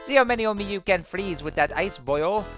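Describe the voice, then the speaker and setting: A cocky ghost collector of jars, taunting in a sing-song, badly faked Scottish accent, put on by a man playing a game. The voice sits well above his usual pitch and sounds bright and forceful, with faint music underneath. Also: expressive, a little fast. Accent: put-on Scottish-style accent, said to be bad. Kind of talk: let's play voice acting.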